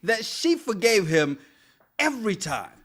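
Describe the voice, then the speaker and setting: Male podcast co-host, casual chat, slightly high voice with lively swings, quick to laugh. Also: slightly rough. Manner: animated, laughs often, reads live chat comments aloud.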